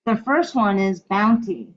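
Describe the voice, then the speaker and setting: A woman's voice: medium pitch, expressive, a little slow. A woman co-hosting a podcast in casual chat, hesitating with many fillers. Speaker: podcast co-host. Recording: dull lo-fi podcast audio.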